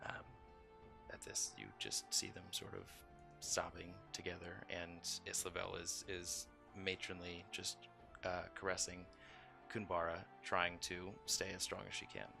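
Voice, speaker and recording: A man narrating as dungeon master of a home tabletop game, telling the scene in a relaxed way with many fillers. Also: low voice, measured pace, vocal fry, over music.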